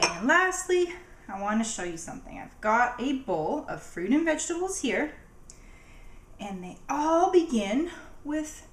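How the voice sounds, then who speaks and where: Lively woman teaching children the alphabet. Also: on the high side, slight background noise. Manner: cheerful, encouraging, sounds words out slowly. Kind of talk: children's lesson. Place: home. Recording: echoey room.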